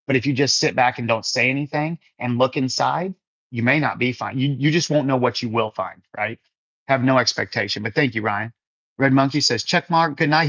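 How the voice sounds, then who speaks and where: A man's voice: mid-range voice, normal speed, fairly bright tone, dry recording, dull audio. A man hosting a casual faith livestream, reading viewers' comments aloud and answering them in an earnest, encouraging way. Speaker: livestream fellowship host.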